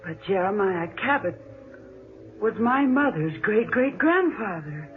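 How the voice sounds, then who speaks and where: An actress in an old-time radio drama playing an earnest young woman who has inherited an old family house, speaking in a measured way. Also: medium pitch, very animated, soft background music. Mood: puzzled. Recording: muffled, hissy old radio transcription.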